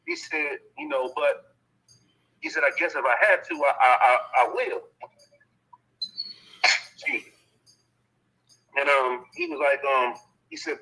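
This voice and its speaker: Animated man telling a story with a bright voice. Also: a little high, normal speed, pauses often, rough recording. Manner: animated, repeats "you know what I'm saying", acts out quoted voices. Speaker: dog transporter telling a story. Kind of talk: casual storytelling.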